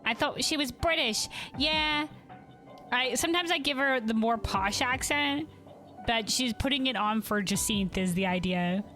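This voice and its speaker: Chatty lady streamer, kinda high voice, game music faint in the back. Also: measured pace, sharp tone. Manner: chatty, laughs often. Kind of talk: casual gameplay commentary.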